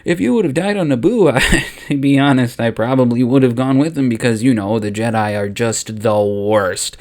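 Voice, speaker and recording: A man's voice: medium pitch, normal speed, darkish tone, close to an everyday voice. A man voicing a wavering older male count in a comedic audio parody, who talks casually and chattily. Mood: chatty.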